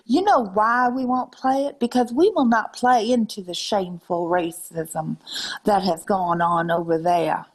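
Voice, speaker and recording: In a put-on, exaggerated Southern US drawl, a woman rants at her live-stream viewers, scolding them and calling them ma'am and darling. Her mid-range voice is husky and slow, often slipping into breathy half-whispers. The recording quality is low.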